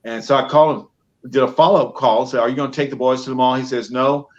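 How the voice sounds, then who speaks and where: A man's voice: mid-range voice, quick pace, lo-fi sound. A man telling stories in an interview over a video call, acting out what people said. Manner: animated storyteller acting out quotes. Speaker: professional Santa guest. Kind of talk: storytelling interview answers. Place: home studio.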